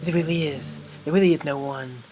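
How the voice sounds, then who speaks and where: Guy putting on a creepy lovestruck game girl, soft and a bit menacing, music playing behind. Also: on the high side, fairly quick, natural voice, poor audio. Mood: affectionate. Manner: soft, intimate, slightly menacing. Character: lovestruck young woman, sweetly sinister, obsessive. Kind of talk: reading game dialogue aloud.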